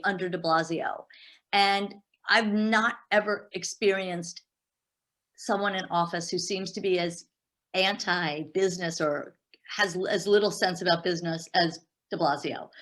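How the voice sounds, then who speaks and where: Middle-aged lady guest telling a story, lowish voice, acts out the dialogue. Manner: animated storyteller, acting out dialogue. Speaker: entrepreneur guest. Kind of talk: interview storytelling.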